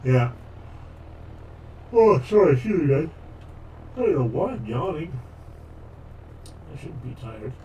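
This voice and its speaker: A man's voice: medium pitch, sing-song, unhurried, long pauses, dark tone, highs cut off. A man streaming a survival game, rambling casually to his viewers. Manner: rambling, talks to viewers as "guys". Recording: distant mic with faint noise.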